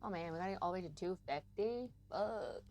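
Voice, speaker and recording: A young woman talks her way through a game on a live stream, swearing freely and calling out to her chat. Her voice sits low with a gravelly edge, and her pitch swings widely. Faint music plays behind her. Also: expressive, brisk, a little mellow. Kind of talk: casual live-stream commentary while gaming.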